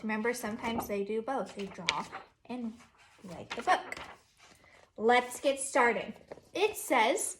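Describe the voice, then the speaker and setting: A young woman teacher reading a picture book aloud to young children, animated and sing-song, breaking into animal and machine sounds. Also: on the high side.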